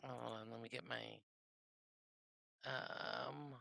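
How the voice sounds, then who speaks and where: Slow, gravelly tabletop player, bright tone. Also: medium pitch, steady tone, no echo. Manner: hesitant, slow, fillers, laughs often. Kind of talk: tabletop role-play.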